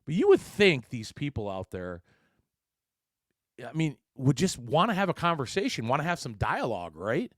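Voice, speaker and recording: A man's voice: a little high, sing-song, normal speed, dry recording, clean studio sound. A man hosting his own podcast, telling a story in a blunt, rambling way full of swearing. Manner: blunt and heavily profane, rambling with frequent restarts. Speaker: podcast host. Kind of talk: casual solo podcast storytelling.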